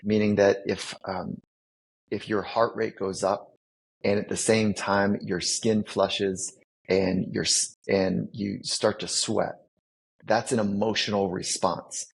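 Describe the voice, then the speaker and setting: Man, psychologist guest, podcast interview, low pitch, raspy, explains with examples. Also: level tone, slow, poor audio. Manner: teacherly, builds points with vivid examples.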